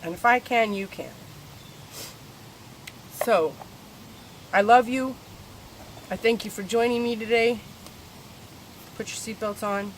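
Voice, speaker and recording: A woman talking candidly in a personal spiritual vlog, confessional and swearing freely, her voice swinging between soft and loud. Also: fairly high pitch, slow, long pauses, a little hiss or hum. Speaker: spiritual vlogger.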